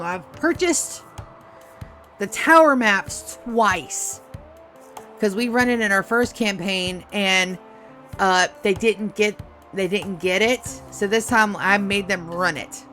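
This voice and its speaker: A woman streamer chatting casually while playing a game, telling rambling, profane stories about running tabletop games. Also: mid-range voice. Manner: rambling, profane, animated storytelling.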